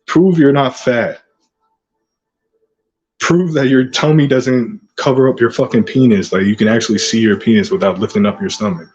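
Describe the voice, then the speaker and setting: A man's voice: medium pitch, steady tone, fairly quick, hardly any pauses, a little mellow, highs cut off. A man hosting his own channel, delivering an aggressive, profane rant full of taunting insults. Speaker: channel host. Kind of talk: ranting vlog monologue.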